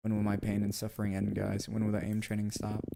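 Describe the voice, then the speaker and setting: A man's voice: on the low side, monotone, fast, creaky, very noisy. A young man streaming and chatting casually, rambling and self-mocking with lots of fillers. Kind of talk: casual live-stream chat.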